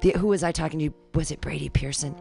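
A woman's voice: low voice, fast talker, creaky, warm tone, soft background music. A woman hosting a podcast, reacting briefly and telling stories in a chatty way. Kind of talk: casual podcast chat.

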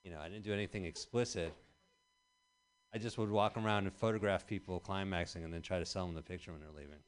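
A man in his thirties performing a rambling stand-up set with deadpan delivery in a small venue. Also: deep voice, quick pace. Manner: rambling deadpan delivery with bursts of loud emphasis. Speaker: stand-up comedian. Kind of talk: stand-up set at an open mic.

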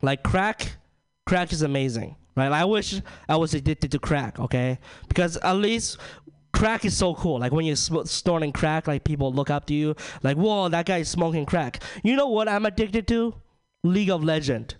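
A man's voice: on the high side, expressive, normal speed, clear, resonant tone. A young man from China doing a ranting, self-deprecating stand-up comedy set, leaning on "like" and "right?". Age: young adult.

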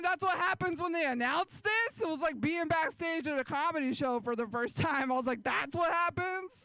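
A woman performs stand-up with a high, bright voice. She chats with the crowd and laughs between her lines. The sound is dry and close. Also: no room sound, low-quality recording. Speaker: stand-up comedian. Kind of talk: stand-up set. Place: small radio studio comedy show.

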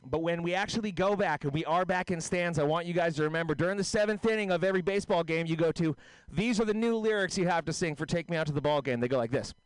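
Brief: high-voiced male stand-up, chatty and self-mocking, dry close mic. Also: fast talker, smooth, no room sound, rough recording. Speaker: stand-up comedian. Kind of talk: stand-up at a radio open mic.

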